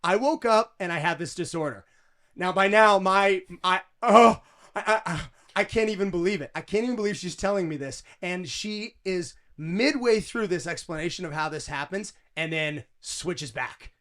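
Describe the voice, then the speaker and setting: A man hosting a podcast, telling a story in a lively, animated way with frequent restarts. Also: high voice, moderate pace. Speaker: podcast host. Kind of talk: casual interview chat.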